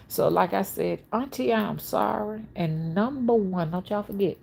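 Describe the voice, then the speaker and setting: A woman hosting a casual livestream as a spiritual reader, with a soothing, melodic soft voice, greeting viewers by name and making folksy asides. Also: mid-range voice, expressive, measured pace, creaky, hardly any pauses. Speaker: spiritual reader and channel host.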